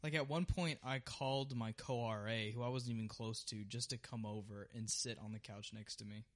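A young man co-hosting a podcast, telling stories in a relaxed casual chat. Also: mid-range voice, normal speed. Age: young adult. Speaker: podcast co-host.

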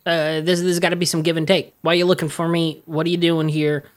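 A man's voice: on the high side, flat delivery, fast, pitched above the performer's own voice, natural voice. A man voicing a folksy frontier townsman who talks in homespun phrases.

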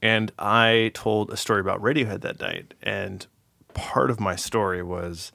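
Gravelly low-voiced man telling a story. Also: animated, a little slow, pushed and bright, dry recording. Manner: rambling, filler-heavy storytelling. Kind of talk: casual storytelling chat.

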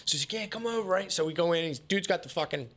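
A man's voice: fairly high pitch, racing, over a noisy crowd. A man casually telling a story, cursing often and acting out each person's lines. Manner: profane, animated, acts out quotes.

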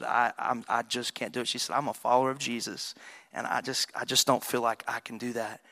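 Impassioned pastor preaching a sermon. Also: male voice, mid-range voice, sharp tone, no room sound. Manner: storytelling, building to impassioned emphasis. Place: church.

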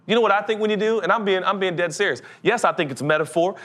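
Animated young-adult male pastor preaching. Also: high-pitched, racing. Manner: animated, comic voices, builds to urgent. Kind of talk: sermon.

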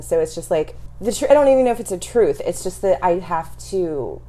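A woman's voice: on the low side, lively intonation, fairly quick, mellow. Candid, reflective middle-aged woman. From Texas. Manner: candid, reflective, laughs often. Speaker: interview guest. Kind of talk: casual conversational interview.

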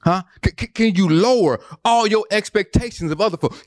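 A man's voice: sits high, brisk, few pauses, no room sound, studio quality. A man preaching a sermon, repeating phrases and building emphasis. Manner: preaching with repetition and rising emphasis. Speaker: pastor.

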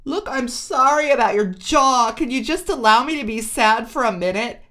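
A tearful, upset young woman who wails and goes shrill, as a storyteller acts her out. Her voice sits far above the storyteller's own and keeps a gravelly edge. It is spoken in a storytelling read-aloud style. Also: fast talker, a little mellow. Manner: wailing, shrill when upset.

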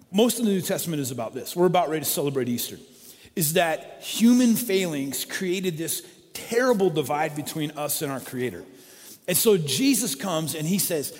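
A man's voice: a little high, a little mellow. A man preaching a sermon in an emphatic way, repeating his key phrases. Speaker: pastor. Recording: long hall reverb.

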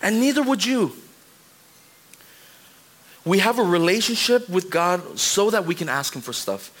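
Male pastor in his 30s, high-pitched, animated conversational sermon in a church sanctuary. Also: measured pace. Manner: animated, conversational preaching with asides to the congregation.

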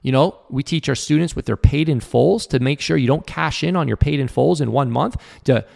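Earnest man coaching entrepreneurs, slightly gravelly. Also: a little fast, a little mellow. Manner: earnest, coaching tone, acts out quoted people with lowered voice. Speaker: podcast host. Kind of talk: motivational podcast monologue.

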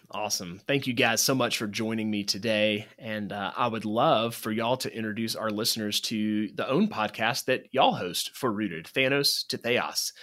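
A man's voice: fairly low pitch, a bit bright. A man hosting a podcast interview, friendly and lightly joking with his guests. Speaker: podcast host.

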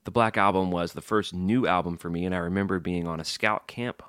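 A man's voice: deep voice, no room sound, clean studio sound. A man co-hosting a casual podcast, reading listener emails with jokey asides. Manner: animated, jokey, quick asides. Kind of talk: casual chat.

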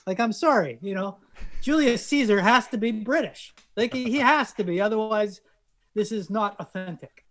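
A Canadian man with a noticeably high voice for a man talks loosely as a guest. He is animated, trips over his own openings and laughs into his points. The tone is casual and unscripted. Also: moderate pace. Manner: animated, restarts often, chuckles through points. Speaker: guest, cast member of a sitcom. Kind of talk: casual conversation.

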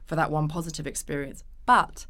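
A woman's voice: sits low, fairly quick. A woman, telling stories as a guest on a casual podcast interview and acting out the voices she quotes. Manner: animated storytelling, acts out quoted voices. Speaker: actress guest.

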